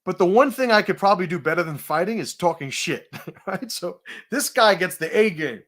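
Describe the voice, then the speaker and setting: A middle-aged man telling a story casually, his voice sitting a bit high for a man. His pitch swings widely as he acts out both sides of a heated argument. He swears freely and laughs between lines. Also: normal speed. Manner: animated, profane, laughing while telling a confrontation story. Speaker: host.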